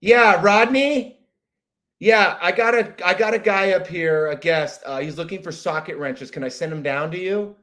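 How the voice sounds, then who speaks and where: A man playing a helpful hardware store clerk who calls out loudly to a coworker in a comic rant. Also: high-pitched, normal speed.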